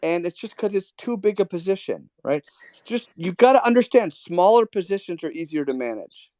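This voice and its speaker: A man's voice: sits high, expressive, a little fast, dark tone, dry recording. A man hosting a live trading Q&A, talking casually and coaching callers with emphatic, repeated points. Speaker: host of a trading Q&A. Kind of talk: casual mentoring talk.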